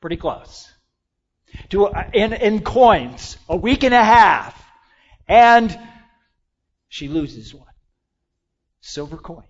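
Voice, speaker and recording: Lively high-voiced man preaching a sermon. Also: slow pace, pauses often, highs cut off. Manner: call-and-response, swings from loud exclamations to hushed asides.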